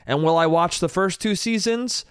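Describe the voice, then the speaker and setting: A young man riffing through a solo comedy podcast monologue, loose and rambling, peppered with profanity and "dude." His voice is a touch high for a man, smooth and clean, and it is recorded close and dry with no room echo. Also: moderate pace. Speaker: podcast host.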